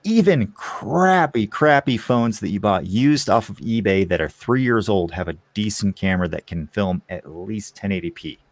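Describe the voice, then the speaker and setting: A man guesting on a podcast, chatting casually and telling candid, animated stories. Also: on the low side, moderate pace, few pauses, no echo.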